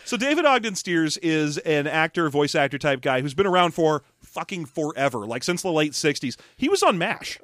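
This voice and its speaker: A man's voice: on the high side, sing-song, moderate pace, hardly any pauses, fairly bright tone, dry recording, studio quality. Laughing, rambling male podcast co-host. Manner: swearing, rambling, laughs while telling. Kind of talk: casual chat.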